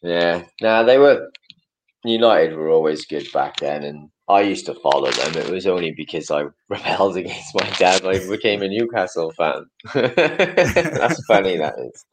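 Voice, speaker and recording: Deep-voiced man chatting. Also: noisy background. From Wales. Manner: rambling, self-correcting, chuckly. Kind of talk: casual chat.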